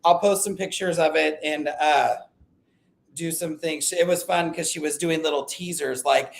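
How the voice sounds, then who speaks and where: Chatty, excitable man with a gravelly voice. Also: a little high, normal speed. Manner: chatty, excitable, self-interrupting. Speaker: livestream host. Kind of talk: casual live chat.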